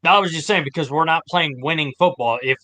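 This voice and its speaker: Bright, high-voiced excitable sports-talk man. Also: fast talker. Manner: excitable, playful, defensive banter. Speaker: podcast co-host. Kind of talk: casual sports chat.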